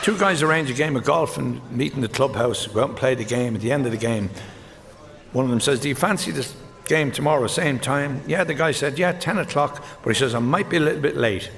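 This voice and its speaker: A man with an Irish accent telling one-liner golf jokes on stage, deadpan, switching between characters. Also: mid-range voice, gravelly. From Ireland. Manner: deadpan joke delivery with quick character switches. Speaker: stand-up comedian. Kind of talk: live stand-up joke telling. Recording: live show in a reverberant hall with audience noise. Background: audience laughter.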